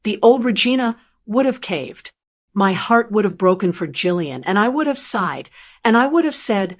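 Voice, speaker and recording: A woman narrating a first-person family story aloud in a calm, measured, reflective way. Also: fairly high pitch.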